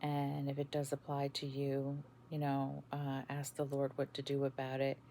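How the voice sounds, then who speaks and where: Woman podcast host, low gravelly voice, unhurried, halting testimony. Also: monotone, warm tone, slight background noise. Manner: slow, halting, many fillers and restarts. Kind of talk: casual spoken testimony.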